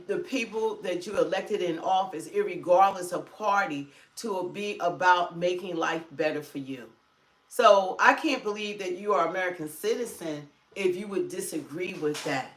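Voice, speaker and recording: A woman's voice: mid-range voice, fairly bright tone. A woman co-hosting a livestream with opinionated political commentary. She is emphatic and keeps firing rhetorical questions. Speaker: livestream co-host. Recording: roomy echo.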